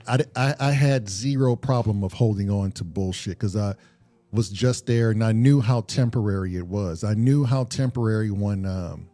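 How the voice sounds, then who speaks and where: A man's voice: lowish voice, warm tone. A man on a podcast talking earnestly and reflectively, swearing casually and often restarting his sentences. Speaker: podcast co-host.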